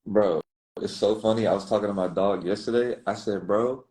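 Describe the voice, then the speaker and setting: A man's voice: on the low side, steady tone, normal speed, darkish tone. A man chatting casually and laid-back with a friend, in slangy speech. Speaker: guest. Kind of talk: casual chat.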